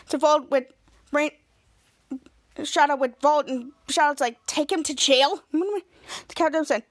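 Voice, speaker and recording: A woman's voice: high voice, unhurried, long pauses. A woman hosting a podcast, casually recapping a TV episode scene by scene and quoting the characters' lines as she goes. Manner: retells scenes by quoting characters, with restarts and "cut to".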